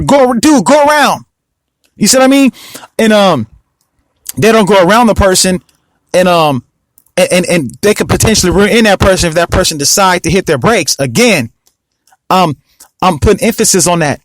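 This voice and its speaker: A man's voice: sits high, dry recording, rough recording. A man hosting a podcast, talking in a rambling, emphatic monologue full of restarts and asides to the listener. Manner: rambling, repeats himself, lots of restarts; emphatic, asks the listener often. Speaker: podcast host. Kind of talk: casual monologue.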